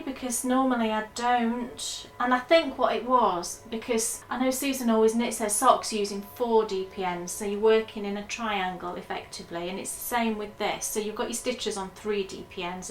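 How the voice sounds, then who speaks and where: Brief: enthusiastic woman podcast host, casual rambling chat, slightly high voice. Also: fairly bright tone, echoey room, a little hiss or hum.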